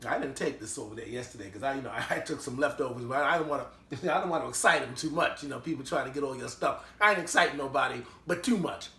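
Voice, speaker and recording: A man's voice: medium pitch, quick pace, hardly any pauses, bright, forceful tone, roomy sound. A man hosting a casual home cooking show, talking chattily and enthusiastically with lots of fillers as he works in his kitchen.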